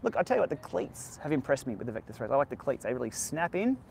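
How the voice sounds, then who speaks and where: Man, gravelly mid-pitched voice, candid off-the-cuff live Q&A, outdoors with faint street noise. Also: sing-song, fast talker, darkish tone. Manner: candid, laid-back, answers viewer questions off the cuff. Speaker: cycling tech channel host. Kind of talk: casual live-stream Q&A. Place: outdoors by the beach.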